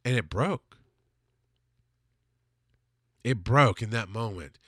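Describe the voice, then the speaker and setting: A man, a father and podcast host, telling a confessional personal story with plenty of swearing, swinging from loud outbursts to quiet, subdued lows. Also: expressive, slow pace, husky, dry recording, clean studio sound.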